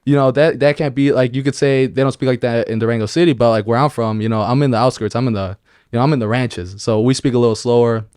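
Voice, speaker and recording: Podcast guest, man from Mexico, easygoing and slangy, quick to laugh, plain mid voice, dry studio sound. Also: medium pitch, steady tone, darkish tone, clear, resonant tone, no echo. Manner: laid-back, slangy, says bro and like a lot, laughs easily. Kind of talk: casual chat.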